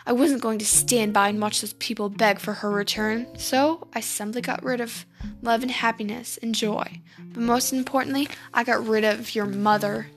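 Evil queen read by a woman, cold, slow, gloating, soft music behind. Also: a little high, steady tone, close to an everyday voice.

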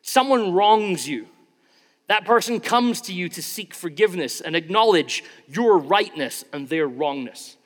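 A man delivers a sermon in a high, lively-pitched voice. He keeps it conversational, acting out everyday examples along the way. His words carry a long echo through a large church hall. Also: a little slow. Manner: conversational, acts out examples with shifting tone. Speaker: preacher.

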